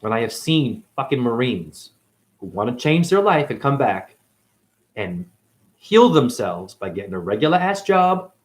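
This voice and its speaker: A man's voice: medium pitch, very animated, unhurried. A man delivering an angry, confrontational monologue as a self-styled spiritual teacher, swearing constantly. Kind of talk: profane ranting monologue.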